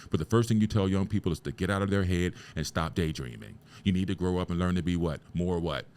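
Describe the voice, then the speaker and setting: Pria bersuara rendah dengan gaya ceramah yang bersemangat. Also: male voice, low-pitched, fast talker, a little mellow, slight background noise. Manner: preachy, emphatic, asks rhetorical questions; swears casually. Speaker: podcast host. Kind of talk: motivational podcast talk.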